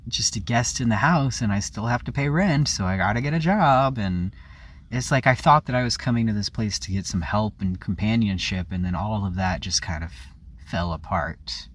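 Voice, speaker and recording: A man with a low-sitting voice, a slight hiss or hum in the recording, vlogs a candid personal story. He rambles and confesses frankly, circling back, correcting himself and saying "like" a lot.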